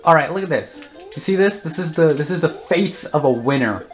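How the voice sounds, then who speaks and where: A woman with a very deep voice talks casually over her gameplay, flustered and exclaiming whenever things go wrong. Soft music plays faintly behind her. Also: expressive, brisk. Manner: flustered, exclaims and groans at the game. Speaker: let's play host.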